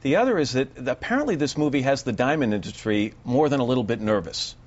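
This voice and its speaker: A man hosting a TV morning show, interviewing a guest with quick, articulate questions. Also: mid-range voice, animated, dull audio. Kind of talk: broadcast interview.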